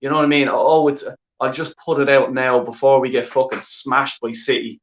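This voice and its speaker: The recording is roomy and lo-fi, capturing a man's medium-pitched voice at a moderate pace with fairly even intonation. He's an Irish football fan ranting angrily on a live stream, swearing heavily, exasperated and repetitive.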